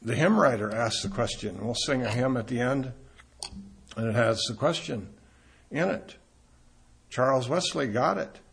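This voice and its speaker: Slow, husky-voiced male preacher. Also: mid-range voice, a bit bright. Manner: emphatic, rises and swells on key points. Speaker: pastor. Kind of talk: sermon.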